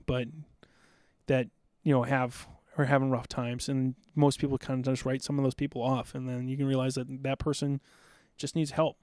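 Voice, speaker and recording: A man's voice: medium pitch, a little mellow, clear, resonant tone, no echo, clean studio sound. A middle-aged man from South Dakota, a podcast guest telling stories in an intense, amped-up, blunt and profane way. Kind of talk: casual storytelling.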